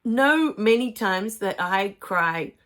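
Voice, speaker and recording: A middle-aged woman, telling spiritual stories in a soft, emotional way with many pauses and fillers. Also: mid-range voice, expressive. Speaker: spiritual teacher. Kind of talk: personal spiritual storytelling.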